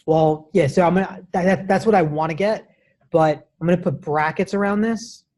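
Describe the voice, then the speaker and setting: Brief: male coding instructor, relaxed classroom lecture, talks while typing. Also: sits high, moderate pace. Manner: casual, many restarts, says "right?" often.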